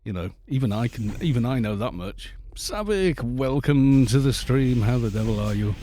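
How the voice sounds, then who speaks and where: A man's voice: mid-range voice, animated, normal speed, warm tone, a little hiss or hum. A Welsh man streaming a game, chatting casually and rambling as he greets viewers at a desk microphone. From Wales. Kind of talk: casual live-stream chat while playing.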